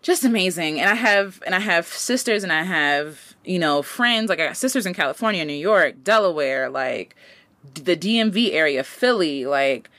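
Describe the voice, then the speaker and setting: A woman in her late twenties giving casual advice as a podcast host, animated and slangy, jumping up in pitch to stress a point. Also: normal speed, no echo. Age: late 20s.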